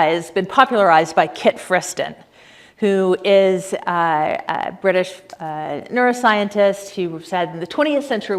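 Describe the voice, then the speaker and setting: A woman giving a conference lecture, explaining ideas in a lively, conversational way with frequent fillers and asides to the audience. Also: fairly low pitch. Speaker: conference speaker.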